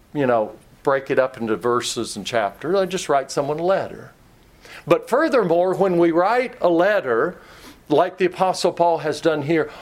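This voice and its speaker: A man with a Kentucky accent preaching a sermon in a conversational way, teasing himself and acting out little scenes for the congregation. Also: on the high side.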